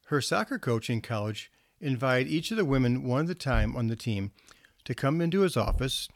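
A male counselor giving a storytelling talk to parents. He speaks in a relaxed, conversational way with small restarts. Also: mid-range voice, moderate pace, dry recording, studio quality.

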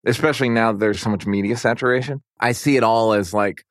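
A middle-aged podcast guest with a medium-pitched voice speaks briskly in a casual conversation. He is loose and rambling and says "like" constantly; the audio is clean studio sound without echo.

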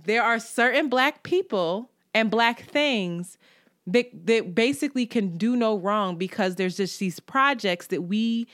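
Animated, salty-tongued woman podcast host. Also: medium pitch, no echo, studio quality. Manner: animated, profane, storytelling with quoted voices. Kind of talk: casual chat.

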